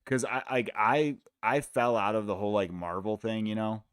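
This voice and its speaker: With a lowish, smooth voice, a steady tone and a moderate pace, an American man chats casually while hosting a live fight watch-along stream. He's laid-back, rambling and profane, and the studio audio is clean with no room sound.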